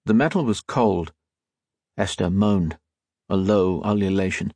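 A low-pitched man narrates this audiobook with measured, expressive storytelling, and there's no room sound.

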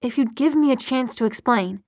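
A woman reading an audiobook, voicing a cocky, teasing young man who speaks smoothly and mockingly. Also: a little high, normal speed, a little mellow, no echo, clean studio sound.

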